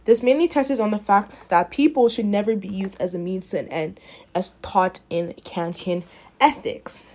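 A woman's voice: mid-range voice, moderate pace, darkish tone. Opinionated young woman, emphatic talk. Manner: emphatic and opinionated, with frequent restarts.

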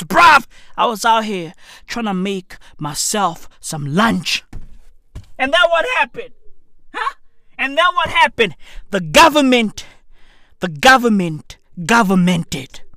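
A young South African man rants to camera in a high, bright voice that leaps all over the place. He talks slowly and deliberately, cursing and breaking into shouts. The sound is close and dry. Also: no echo. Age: young adult. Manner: animated, profane, often shouting and laughing. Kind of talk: ranting comedic monologue.

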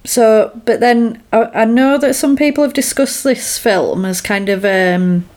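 A woman's voice: on the high side, a little slow. Woman co-host, chatty film recap, acts out the dialogue. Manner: animated storyteller who acts out characters' lines. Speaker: podcast co-host. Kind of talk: casual chat recapping a film.

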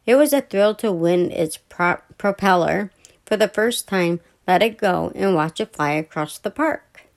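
A woman podcast host reads a children's story aloud in a soft, unhurried way. She trips over words now and then and simply corrects herself, her voice sitting in an ordinary middle range. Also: mid-range voice, expressive. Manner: soft, stumbling, self-correcting reading.

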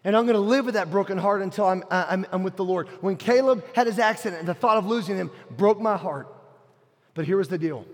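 Man, middle-aged, pastor, sermon, earnest storytelling, hushed to shouting, church hall reverb. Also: sits high.

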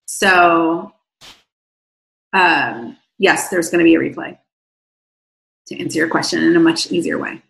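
A woman's voice: low-pitched, unhurried, vocal fry, long pauses, a bit bright, roomy sound, poor audio. A woman hosting a livestream as an online coach, reading viewer comments aloud and answering in an effusive, rambling way, her voice starting to fade after a long session. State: voice fading from long talking.

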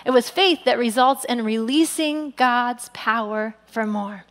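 High-voiced woman preaching in an echoing hall. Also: a little slow. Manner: animated, voices quoted people with big pitch jumps. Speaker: pastor. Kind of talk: sermon. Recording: long hall reverb.

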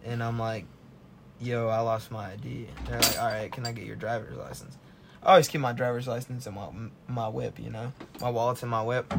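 A young man with a mid-pitched voice tells a story in a relaxed, slangy way. There is a faint hiss of noise behind him. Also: fairly quick, creaky. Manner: laid-back storytelling with slang. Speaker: podcast co-host. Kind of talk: casual chat.

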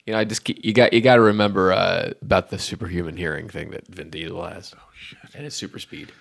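A man's voice: sits low, steady tone, fast, gravelly. A man playing a tabletop game with friends, telling rambling jokes. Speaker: player. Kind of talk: joking banter at a game table.

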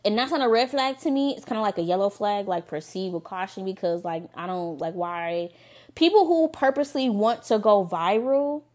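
A young woman hosting a podcast, telling a dating story in a candid, profane, casual way with quick asides. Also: mid-range voice, a little mellow. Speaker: podcast host.

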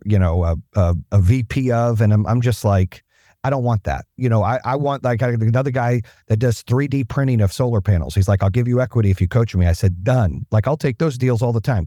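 A man's voice: mid-range voice, warm tone, dry recording, studio quality. Blunt, profane man telling stories. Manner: blunt, profane, fast-talking. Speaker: guest, business owner. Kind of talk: casual storytelling.

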